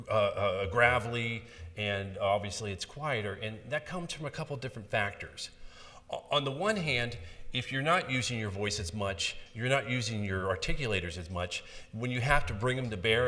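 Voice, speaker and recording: A man's voice: mid-range voice, a bit bright. A man who is a speech language pathologist, giving a conversational, clinical explanation in a conference lecture. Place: conference hall. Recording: long hall reverb.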